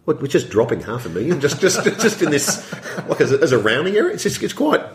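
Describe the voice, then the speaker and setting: In an echoey room, a podcast guest who works as a property developer speaks fast and very animatedly in a slightly high voice. His interview talk is conversational and rambling, and he acts out his own thoughts as quotes.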